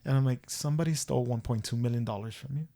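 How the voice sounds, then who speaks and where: A man hosting a podcast, telling a story in a casual, profane, animated way and acting out the voices he quotes. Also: medium pitch, very fast, gravelly. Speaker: podcast host.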